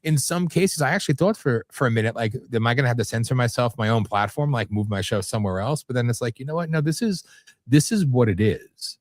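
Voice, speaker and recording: A man's voice: mid-range voice, expressive, fast, no room sound. A man hosting a live talk radio show, ranting bluntly with plenty of profanity. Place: radio studio.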